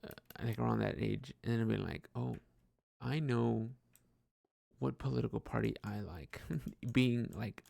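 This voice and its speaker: A man's voice: fairly low pitch, gravelly, mellow, no room sound. A young man rambling hesitantly about his life while gaming, full of fillers and restarts, swearing casually. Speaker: podcaster.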